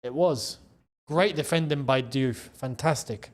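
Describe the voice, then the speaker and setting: A man hosting a live football watchalong, reacting to play and chatting to viewers, shouting at big moments. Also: medium pitch, a little slow. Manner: excitable, shouts at goals, chats to viewers. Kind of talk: live match watchalong commentary.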